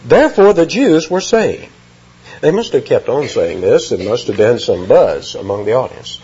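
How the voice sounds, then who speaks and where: A man preaching an expository sermon, emphatic and lively, reading scripture aloud and explaining the words. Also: mid-range voice, moderate pace, lo-fi sound, slight background noise.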